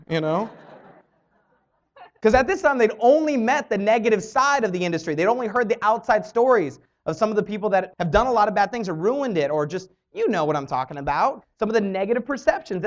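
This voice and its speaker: A woman's voice: mid-range voice, fairly quick. A woman trainer telling a motivational story and acting out the quoted dialogue. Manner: animated, acts out quoted dialogue. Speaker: network marketing trainer. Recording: dull lo-fi audio.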